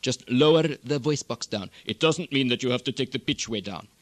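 A man teaching accent technique, explaining in a slow, deliberate, instructive way. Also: mid-range voice, no room sound. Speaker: dialect coach.

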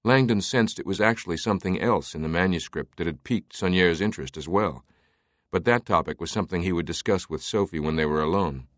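A man narrating an audiobook in a steady, even tone. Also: low voice, fairly quick, no echo, clean studio sound. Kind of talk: scripted narration.

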